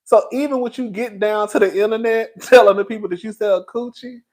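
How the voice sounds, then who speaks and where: A man's voice: sits high, steady tone, poor audio. Giggly gossiping male livestream host. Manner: laughs often, drawn-out, gossipy. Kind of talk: gossip commentary.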